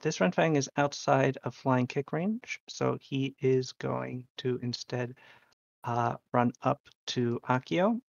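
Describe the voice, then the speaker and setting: Game master, slow gravelly narration, earnest, dry dull lo-fi recording. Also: mid-range voice, no echo. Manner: earnest, deliberate scene narration.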